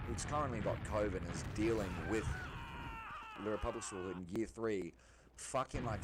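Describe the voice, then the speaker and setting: A young man venting in a casual monologue, rambling and agitated, swearing often and restarting his sentences. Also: low voice. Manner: rambling, profane and agitated, full of restarts and fillers. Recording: loud background noise.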